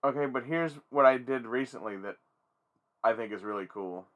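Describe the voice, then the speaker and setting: A man hosting a casual toy-collecting vlog, rambling and swearing freely with excitable energy. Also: mid-range voice, moderate pace. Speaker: toy collector and channel host.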